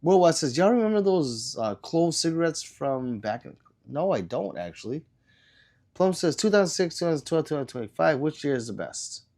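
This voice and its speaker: A man under the weather hosts a relaxed livestream and reads chat messages out loud one after another. His voice swings widely up and down. He coughs now and then and rambles through his answers with plenty of ums and uhs. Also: on the high side, moderate pace. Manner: loose and rambling, with many fillers and trailing answers. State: sick, coughing. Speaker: livestream host. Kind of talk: casual livestream chat, reading viewer comments aloud.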